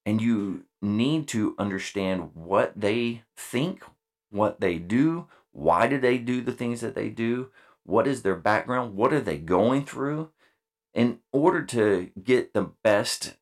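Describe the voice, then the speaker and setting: A middle-aged man, a senior enlisted leader, gives an earnest leadership talk, repeating key phrases and using frequent fillers. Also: fairly low pitch.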